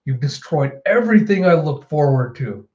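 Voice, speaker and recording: A man's voice: a little high, very animated, moderate pace, darkish tone, dull audio. Man doing Big Mom, monstrous old pirate woman. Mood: wrathful. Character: monstrous old female pirate giant, menacing.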